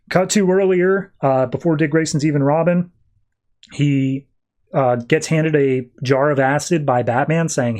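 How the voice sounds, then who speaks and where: A man's voice: on the high side, unhurried, darkish tone. A man hosting a podcast, casually recapping a comic book plot in a loose, conversational way. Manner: loose, conversational retelling with frequent "uh" and "he's like". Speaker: podcast host.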